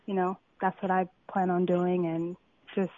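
A woman's voice: lowish voice, a little slow, no room sound. A young woman from Compton talks eagerly, piling on "like" and "um" as she tells her story. Her voice comes through a tinny phone line with a dry, close sound. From Compton, California. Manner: excited, filler-heavy storytelling. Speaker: model, interview guest. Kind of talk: phone interview, casual storytelling.

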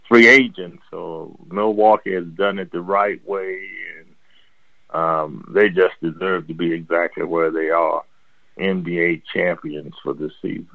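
An older man and former basketball player, answering interview questions slowly, with many pauses and fillers, on a dull lo-fi recording. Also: low voice, gravelly, dry recording. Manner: slow, halting, with many fillers. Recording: dull lo-fi sound.

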